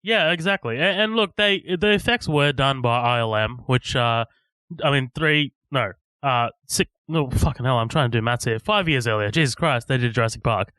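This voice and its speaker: A man's voice: mid-range voice, normal speed, bright, forceful tone, no room sound. A man co-hosting a casual movie podcast, rambling, swearing often and laughing between thoughts. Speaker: podcast co-host. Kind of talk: casual movie review chat.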